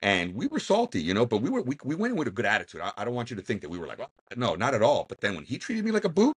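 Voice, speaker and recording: A man hosting an interview, a veteran sharing his own story in quick, lively talk with many restarts. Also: medium pitch, husky. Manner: quick, lively, repeats words in starts. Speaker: podcast host, veteran. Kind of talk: casual interview chat.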